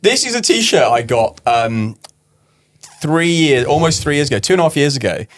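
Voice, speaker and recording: A man's voice: a little high, very animated, moderate pace. A man from northern England, co-hosting a casual podcast chat, joking at his own expense and often restarting his sentences. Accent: northern English. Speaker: podcast co-host.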